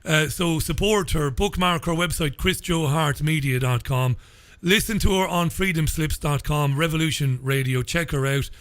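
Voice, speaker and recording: A man's voice: fairly high pitch, normal speed, fairly bright tone, no room sound. A man with an Irish accent hosting a live radio interview, talking effusively and often repeating words as he starts sentences. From England. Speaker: radio show host.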